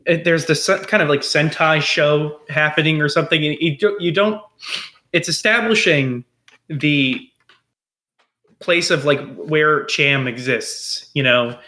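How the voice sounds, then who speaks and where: A man on a casual podcast who has had a few drinks. He rambles through his thoughts with many restarts and casual swearing. His voice sits a bit high and comes out bright and forceful. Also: unhurried. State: tipsy. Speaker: podcast co-host. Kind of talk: casual chat.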